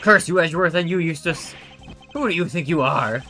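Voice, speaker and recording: A man's voice: fairly high pitch, a little fast, pushed and bright, soft background music. A man doing a blustering old villain chairman. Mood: scornful. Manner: scornful, blustering. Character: blustering arrogant older male chairman villain.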